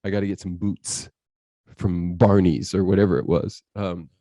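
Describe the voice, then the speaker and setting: Male podcast guest, dark tone, animated storyteller who acts out the voices in his tale. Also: low voice, moderate pace, dry recording. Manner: intense, quotes his inner voice and others.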